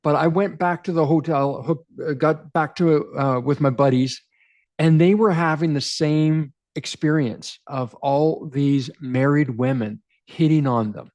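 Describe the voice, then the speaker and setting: A man in his forties from Canada, a men's relationship coach, telling a personal story to camera in an emphatic, animated way with repeated phrases. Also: a little high, a little slow, muffled recording. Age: 40s.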